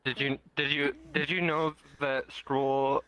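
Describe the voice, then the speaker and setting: A man hosting a podcast, talking in a relaxed, joking way that rambles a little. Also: medium pitch, slow pace, low-quality recording. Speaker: podcast host. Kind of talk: casual podcast chat.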